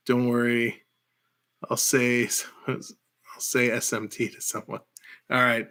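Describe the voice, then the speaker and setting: This play-by-play host is a man with a Canadian accent and a bright, forceful mid-range voice that barely shifts in pitch. He calls live hockey at a fast clip and chats with viewers between plays, laughing a lot.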